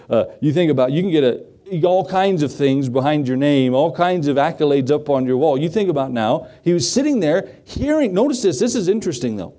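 A man's voice: fairly high pitch, warm tone. A middle-aged man preaching a sermon as pastor, asking the congregation questions and acting out the voices of the people in his stories. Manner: dramatic voices for quoted figures, rhetorical questions to the congregation.

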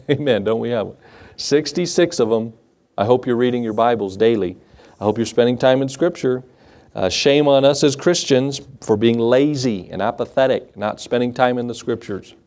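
A man's voice: medium pitch, normal speed, darkish tone. Folksy preaching man quizzing his congregation. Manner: conversational preaching, asks the congregation questions and acts out Bible scenes. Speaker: pastor. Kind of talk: sermon.

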